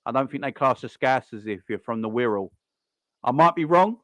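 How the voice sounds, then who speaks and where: A man's voice: mid-range voice, lively intonation, brisk, fairly bright tone, no room sound. A man hosting a live football watchalong stream, chatting casually and rambling between reactions to the play and greetings to viewers.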